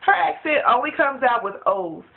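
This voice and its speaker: A woman chatting in a casual review vlog, gossipy and animated, laughing often. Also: high-pitched, moderate pace, vocal fry. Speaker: reality TV reviewer. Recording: tinny phone-like sound.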